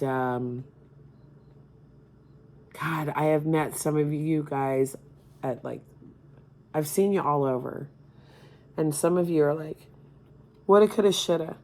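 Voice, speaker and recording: A middle-aged woman speaking as a grieving mother, emotional and halting, near tears at times. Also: low-pitched, warm tone. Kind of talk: personal appeal to camera.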